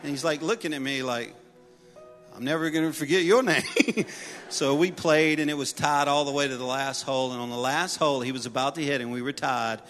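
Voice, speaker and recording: A middle-aged man preaching a sermon, telling personal stories with humor and building to loud exhortation. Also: medium pitch, fairly even intonation, fairly quick, faint music behind. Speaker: pastor. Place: church sanctuary. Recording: long reverb of a large hall.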